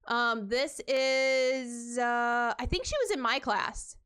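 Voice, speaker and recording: Woman, cosplayer, streamer, casual chat, slightly high voice, rambling with fillers. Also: slow, a bit bright, smooth. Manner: rambling, with many fillers and restarts.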